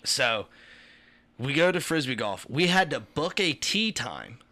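A man's voice: medium pitch, big pitch swings, a little slow, sharp tone. A man from the Kentucky tri-state area, a podcast co-host, telling a rambling, profane story in a casual chat.

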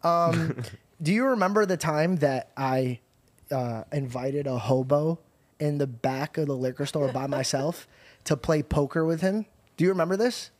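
High-voiced young man telling a story. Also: a little slow. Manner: laughing, animated, swearing. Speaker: podcast host. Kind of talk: casual storytelling chat.

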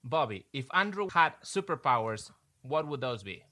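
A man who runs a quiz game on the show lays out the rules haltingly, with a few restarts. His voice is bright and forward. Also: mid-range voice, very animated. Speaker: producer running a game.

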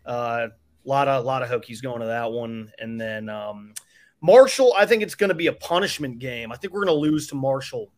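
A man's voice: mid-range voice, brisk. A man guesting on a casual sports podcast, making wry, sardonic asides.

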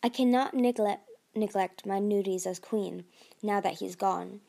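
A woman's voice: medium pitch, measured pace, creaky, mellow. A woman reading aloud and voicing a determined, protective young female sea dragon who speaks insistently. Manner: insistent, urgent.

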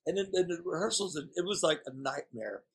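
Husky rambling male storyteller. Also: a little high, animated, fairly quick. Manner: rambling storyteller, playful and candid. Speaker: guest performer. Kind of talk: casual chat.

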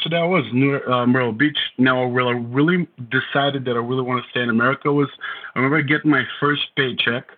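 A man's voice: medium pitch, breathy edge. Bulgarian-accented man on a tinny line. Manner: wry, self-deprecating storyteller. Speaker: podcast guest. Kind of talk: casual storytelling interview.

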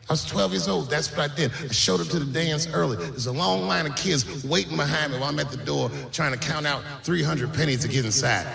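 On a comedy stage before a live audience, a man does stand-up, telling stories, acting out other people's voices and drawing out his punchlines. His voice is on the high side with lively intonation and vocal fry, and the venue is echoey with crowd noise.

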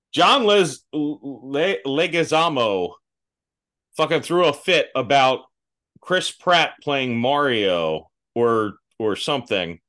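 A man hosting a podcast in casual, animated chat, laughing often and swearing freely. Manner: animated, laughs often, swears, mimics people in high put-on voices. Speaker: podcast host.

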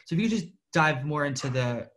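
A man's voice: on the high side, animated, brisk, a bit bright. A man hosting an interview, asking long questions with many hesitations.

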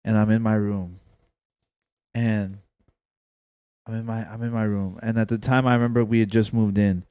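A young man with a low, smooth, resonant voice rambles through a story with friends, dropping slang and curse words. He sounds close and dry on the mic, as on a home podcast. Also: level tone, normal speed, mellow, no echo. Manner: rambling, slangy, swears often. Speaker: podcast co-host. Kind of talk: casual storytelling among friends.

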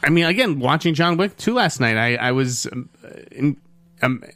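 A man's voice: a little high, lively intonation, normal speed, pushed and bright. A man co-hosting a casual movie chat with a wry, joking manner. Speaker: podcast co-host.

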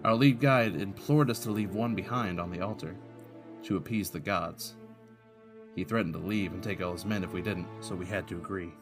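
A sixteenth-century Spanish explorer, as a game master puts him on in a hammy Spanish accent, recounts his journal solemnly over background music. The voice sits fairly low, and each entry is read in a steady, measured way. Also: lightly acted. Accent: put-on Spanish accent.

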